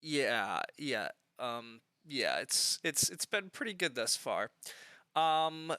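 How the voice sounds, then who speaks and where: Bright, crisp man streaming a game. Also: medium pitch, lively intonation, slow, no room sound. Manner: thinking aloud, chatty, lots of fillers. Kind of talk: live game stream commentary.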